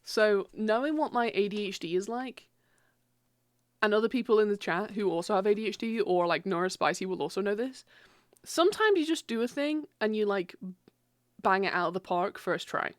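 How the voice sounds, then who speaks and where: This is studio-quality audio with no room sound: a woman in her thirties, medium-pitched, chatting casually on a livestream from her home PC. She's animated, curses freely and laughs readily.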